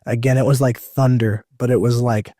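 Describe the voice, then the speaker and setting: A man's voice: medium pitch, level tone, normal speed, warm tone, no echo, clean studio sound. A young man in his twenties, an evangelist, telling his testimony in a rambling, emotional way with many fillers and restarts. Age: 20s. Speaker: evangelist guest. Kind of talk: personal testimony in conversation.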